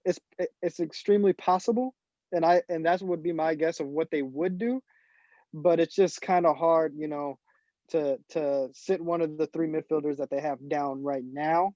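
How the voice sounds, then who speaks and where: A man's voice: fairly high pitch, steady tone, moderate pace, dark tone, dry recording, highs cut off. A man co-hosting a casual sports podcast, thinking aloud and breaking down tactics with many restarts. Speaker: podcast co-host.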